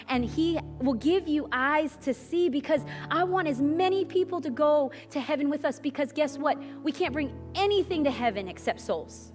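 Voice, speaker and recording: A woman's voice: sits high, animated, normal speed, few pauses, a little mellow. A woman preaching a sermon in a fervent, exhorting way, often repeating phrases for emphasis. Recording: long reverb with faint music behind. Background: faint instrumental music.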